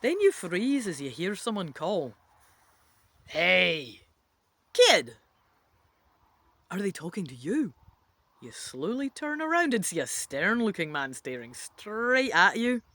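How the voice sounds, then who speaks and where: A woman's voice: medium pitch, sing-song, normal speed, a bit bright, no echo. A woman reading an interactive adventure book aloud, adding playful, chatty asides to the listener.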